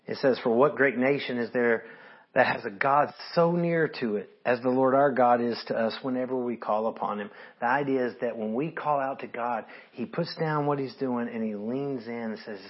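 Male pastor, husky, conversational sermon with scripture readings, lo-fi sound. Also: mid-range voice. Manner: earnest, conversational preaching with scripture read aloud.

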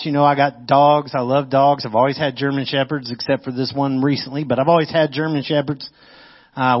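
A man preaching a sermon, swinging between loud excitement and hushed, intense moments. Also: medium pitch. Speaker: pastor. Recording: muffled lo-fi audio.

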